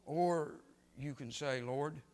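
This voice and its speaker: A man preaching a sermon in a church, swinging from quiet storytelling to sudden loud, emphatic rises. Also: a little high, slow pace. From United States. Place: church sanctuary. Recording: long church reverb.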